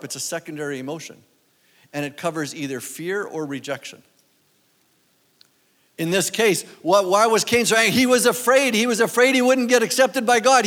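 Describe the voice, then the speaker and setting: High-voiced man preaching in a hall. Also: a bit bright. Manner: conversational, asks the audience questions. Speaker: guest preacher. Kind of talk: sermon.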